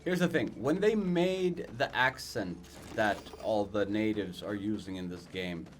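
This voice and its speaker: A man's voice: lowish voice, lively intonation, a little slow, a little hiss or hum. A young man, not a native English speaker, giving casual let's play commentary, ranting and swearing with self-mocking asides.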